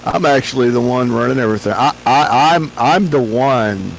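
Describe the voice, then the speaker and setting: A man's voice: medium pitch, moderate pace, gravelly, a little hiss or hum, poor audio. A man of about seventy hosting a flight-sim stream, chatting casually in a rambling, joking way with many restarts. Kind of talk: casual chat.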